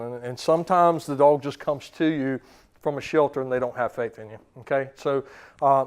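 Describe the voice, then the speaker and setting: Brief: male dog trainer lecturing clients, casual and repetitive, fairly high voice. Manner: conversational, repeats words, often checks in with "okay?".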